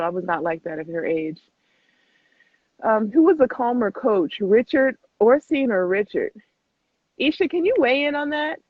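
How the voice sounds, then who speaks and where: A young adult woman hosting a casual live Q&A, chatting quickly and laughing often as she answers viewer questions. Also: mid-range voice, dry recording. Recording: tinny phone-like live stream, dry.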